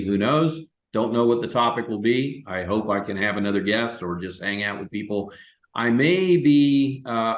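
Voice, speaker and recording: A man hosting a web show, rambling and relaxed with many fillers. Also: on the low side. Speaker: host. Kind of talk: casual chat. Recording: echoey room.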